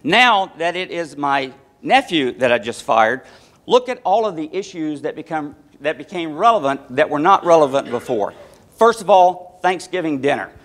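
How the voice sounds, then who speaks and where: A man gives a conference presentation, walking through a family anecdote and then laying out his points one by one. His voice sits a bit high for a man, with an explanatory storytelling manner. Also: fairly bright tone. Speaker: conference speaker.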